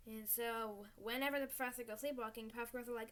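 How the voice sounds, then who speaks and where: A woman hosting her own fan channel, chatting casually and excitably about favorite cartoon episodes, acting out quotes in squeaky voices. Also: moderate pace. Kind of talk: casual episode ranking chat.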